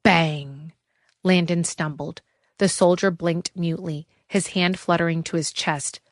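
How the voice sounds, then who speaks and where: Female audiobook narrator, lowish, measured, dry studio sound. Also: steady tone, dry recording.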